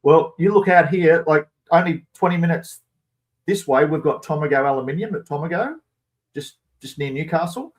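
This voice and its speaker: An Australian man chatting casually as a guest, laid-back and hesitant, with pauses and ums. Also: a little high. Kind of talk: casual chat.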